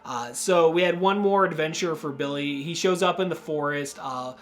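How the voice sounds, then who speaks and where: A man hosting a podcast, casually recapping a horror movie in a rambling, profane way, full of "dude" and quick acted-out quotes. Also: fairly high pitch, soft background music. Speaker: podcast host reviewing a horror film.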